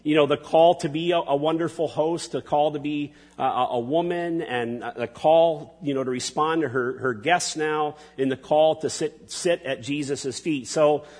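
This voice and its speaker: A man preaching a sermon as pastor, halting and restarting often, with folksy asides to the congregation. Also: fairly high pitch, darkish tone, long reverb tail.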